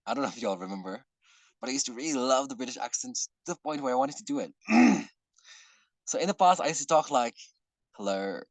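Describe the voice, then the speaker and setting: Man, online workshop host, earnest, rambling, frequent throat clearing, dry computer-mic sound. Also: mid-range voice, lively intonation, fast talker, dry recording, poor audio. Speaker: workshop facilitator. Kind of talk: casual online workshop talk. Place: online video call.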